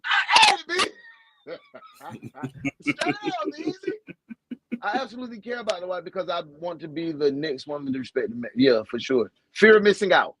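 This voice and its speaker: A man co-hosting a casual podcast, talking bluntly and profanely, jumping from loud outbursts to low mumbles. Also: wildly swooping pitch, normal speed, long pauses, breathy edge, poor audio. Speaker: podcast co-host. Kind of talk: candid casual podcast chat.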